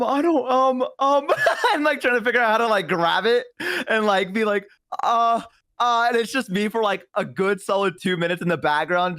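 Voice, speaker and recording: A young man with a Southern drawl talks through loose, rambling stories in a fairly high voice. The sound is close and dry, with no room around it. He jumps into squeaky quoted voices now and then. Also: bright, forceful tone, no echo. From American South. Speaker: stream co-host. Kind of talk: casual chat, storytelling.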